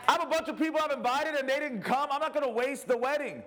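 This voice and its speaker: A man's voice: extremely high pitch, quick pace, sharp tone, voice pushed up, rough recording. A man preaching, voicing God as an urgent, insistent host who calls people to come. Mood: welcoming. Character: God as a pleading, angry host.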